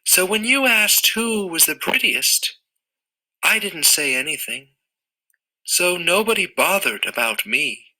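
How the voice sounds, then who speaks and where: A man's voice: high voice, big pitch swings, slow pace, sharp tone, pitched above the performer's own voice, full character voice, low-quality recording. A man voicing a shy, homely little kitten in a storybook reading, speaking modestly. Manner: small modest voice.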